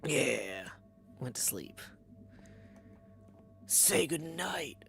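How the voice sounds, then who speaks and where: A man with a gravelly, slightly rough voice talks through a live stream as he plays, reading out chat and thanking viewers. He hums nonsense syllables and mutters to himself between dry, offhand jokes. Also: a little high, sing-song, extremely slow, fairly bright tone, faint music behind. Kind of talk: casual livestream chat while playing.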